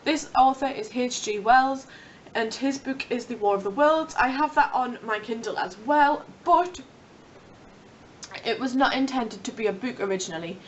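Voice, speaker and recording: A woman's voice: fairly high pitch, normal speed, far from the mic, muffled recording, a little hiss or hum. A young woman chatting casually to camera about books, rambling and playful. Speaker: book vlogger.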